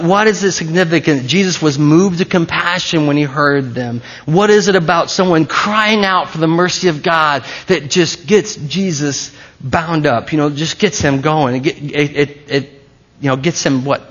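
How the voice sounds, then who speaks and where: Conversational preacher man, slightly high. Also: fairly bright tone, muffled recording. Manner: conversational, playful preaching with halting restarts. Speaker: pastor. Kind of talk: sermon.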